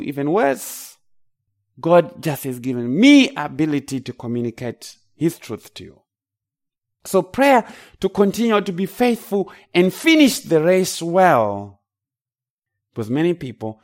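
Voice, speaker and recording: A man's voice: medium pitch, darkish tone. A man with a Zimbabwean accent, from Zimbabwe, preaching a sermon with emphatic, rising declarations.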